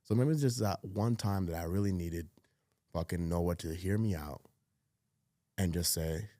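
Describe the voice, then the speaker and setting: A man's voice: deep voice, moderate pace, dark tone, no echo, clean studio sound. A man talking bluntly and emphatically as a guest in a casual podcast conversation, swearing freely.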